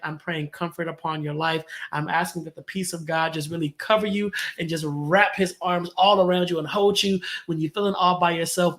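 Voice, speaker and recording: Guy w a fairly high voice hosting a live show, preachy encouraging talk, repeats stuff a lot. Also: a bit bright. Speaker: host of a live stream show. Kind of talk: motivational talk to viewers.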